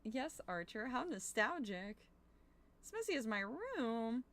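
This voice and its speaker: A young adult woman streamer chatting casually while gaming, rambling with fillers and sounding a little hoarse as her voice recovers. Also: fairly high pitch, slow. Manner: animated greetings to chat. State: slightly hoarse from overuse, recovering.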